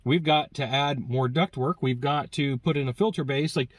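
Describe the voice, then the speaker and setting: A middle-aged man giving an energetic, conversational sales training talk, jumping up in pitch for emphasis. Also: normal speed, no room sound. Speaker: sales trainer for HVAC technicians. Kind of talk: instructional talk to camera.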